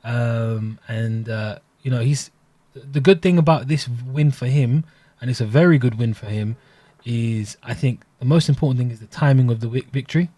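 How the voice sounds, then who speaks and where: A man's voice: mid-range voice, normal speed, few pauses, dark tone, no echo. A young man, co-hosting a sports podcast in a chatty, casual way. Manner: chatty, London-style grammar like "he done his knee". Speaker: podcast co-host.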